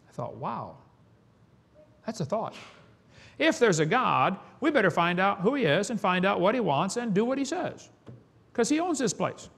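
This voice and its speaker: A man's voice: sits high, big pitch swings, gravelly, fairly bright tone. Folksy, emphatic preaching man. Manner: folksy, emphatic, chuckles between points; asks "okay?" often, pauses for effect. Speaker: creationist speaker. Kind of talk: preaching lecture to an audience.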